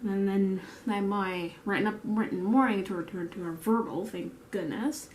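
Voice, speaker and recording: A woman's voice: medium pitch, normal speed, a little mellow, reverberant, a little hiss or hum. A woman telling rambling work stories while doing her makeup, full of restarts and fillers. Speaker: vlogger; bakery store worker. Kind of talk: get-ready-with-me chat while doing makeup.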